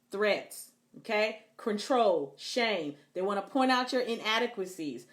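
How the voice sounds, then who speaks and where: A woman Christian counselor giving a lively, preacher-like teaching talk, acting out abusers' taunts and calling listeners "beloved". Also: mid-range voice, a little slow, few pauses.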